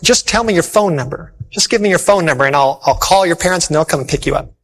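A man's voice: fairly high pitch, animated, fast talker, a bit bright, big-room sound. A man preacher voicing a policeman who questions a lost child, in a coaxing, questioning way. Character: patient then frustrated male policeman.

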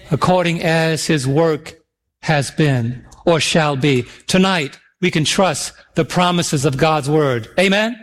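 A middle-aged man preaching a sermon, reading scripture slowly and emphatically and calling for responses from the congregation. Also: a little high. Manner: calls for audience responses.

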